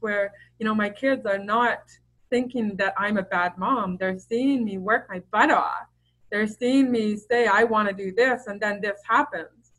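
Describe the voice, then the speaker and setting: A woman's voice: medium pitch, unhurried, fairly bright tone, low-quality recording. A middle-aged woman as a podcast guest, talking openly and chattily with lots of fillers and restarts. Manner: open, chatty storyteller with many fillers and restarts. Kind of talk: casual interview conversation.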